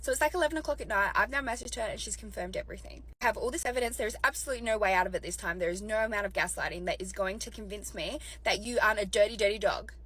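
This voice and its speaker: A woman's voice: medium pitch, very fast, few pauses, slightly rough, rough recording. A young woman telling a personal story in an emotional monologue, her voice cracking and jumping up when she gets outraged. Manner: animated, voice cracks and rises to near shouts when outraged. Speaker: storyteller in a clip.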